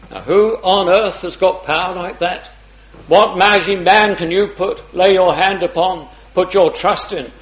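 A man preaching a gospel sermon, fervent, swinging between loud declarations and hushed pleading, often clearing his throat. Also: high-pitched, unhurried. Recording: echoey hall.

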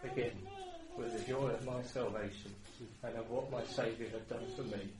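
A middle-aged man preaching a sermon, moving between quiet personal storytelling and loud, fervent exhortation. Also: medium pitch, fairly even intonation, normal speed, a crowd in the background. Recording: echoey room, heard from a distance, background noise.

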